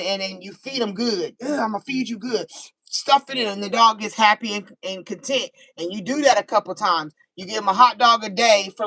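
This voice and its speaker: An American woman doing a casual live-stream tarot reading, animated and chatty, laughing easily. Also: mid-range voice, no echo, poor audio. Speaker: tarot reader.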